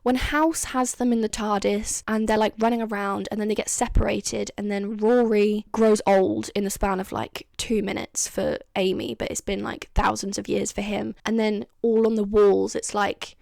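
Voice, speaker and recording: A woman's voice: medium pitch, steady tone, normal speed, creaky, darkish tone, no room sound, studio quality. A woman vlogging in a casual, chatty way, laughing often and acting out lines she quotes. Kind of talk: casual chat.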